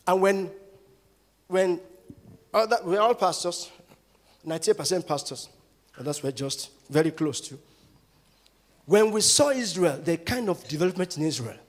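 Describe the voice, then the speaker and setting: A Nigerian man preaches to his congregation, his voice high and full of leaps. He jumps from near shouts to quiet murmurs. The sound carries a long reverb from a large church hall. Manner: preaching with sudden loud rises and hushed drops. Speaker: pastor. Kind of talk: sermon.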